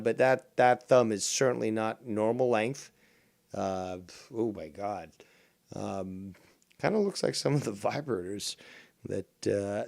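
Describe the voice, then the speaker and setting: A man with a gravelly voice hosts a casual livestream and rants about what he is watching. His pitch swings widely, from low grumbles to high, near-shrieking mock panic, and he swears constantly. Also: a little mellow, no echo, studio quality. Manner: profane, mock-panicked ranting. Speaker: stream host.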